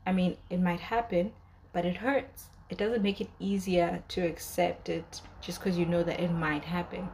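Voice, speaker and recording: Young adult woman, casual reviewer, low-ish voice, emotional and rambling. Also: fairly even intonation, moderate pace, a little mellow, slight background noise. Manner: emotional, talkative, many fillers and restarts. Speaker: drama reviewer. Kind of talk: casual commentary.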